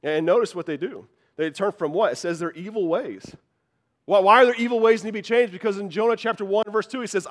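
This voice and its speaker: A man's voice: sits high, quick pace. A man preaching a sermon in an earnest, conversational way, often restarting words. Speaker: pastor.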